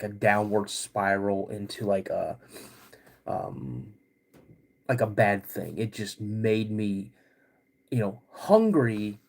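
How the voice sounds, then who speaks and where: A man in his fifties hosting a live podcast stream, greeting chat viewers by name in a halting way while getting over a cold. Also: fairly low pitch, darkish tone. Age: 50s. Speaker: podcast host.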